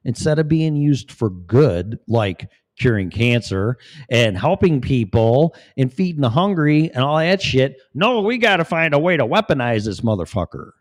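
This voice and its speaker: A man's voice: medium pitch, big pitch swings, normal speed. A man giving profane, rambling, blunt commentary as a vlogger. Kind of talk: casual commentary.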